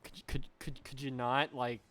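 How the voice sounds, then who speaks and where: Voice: medium pitch, level tone, moderate pace, fairly bright tone. A game developer giving casual playthrough commentary, joking, swearing and reading the game's dialogue aloud.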